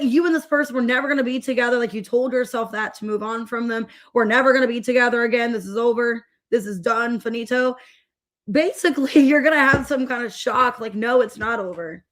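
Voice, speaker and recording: A young woman giving a casual, rambling tarot reading and greeting viewers by name as she goes. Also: on the high side. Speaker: tarot reader.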